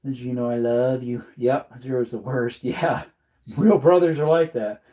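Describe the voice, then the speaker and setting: A man's voice: mid-range voice, steady tone, measured pace, mellow. A man hosting a casual livestream, joking with viewers and reading the chat aloud while he works. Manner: joking, chatty, reads chat aloud, puts on silly voices. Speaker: livestream host reloading ammunition.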